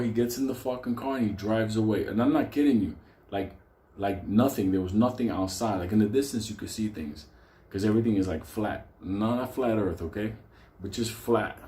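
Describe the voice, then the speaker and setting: A man telling a comic personal story, swearing constantly and laughing often. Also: fairly low pitch. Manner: profane, animated, laughs often. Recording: echoey room.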